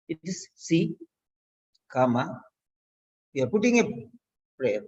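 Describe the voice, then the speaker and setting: Brief: unhurried teacher drilling phrases, animated pitch, muffled sound. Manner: slow, deliberate, repeats key words. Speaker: language teacher. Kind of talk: instructional lesson. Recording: dull lo-fi recording.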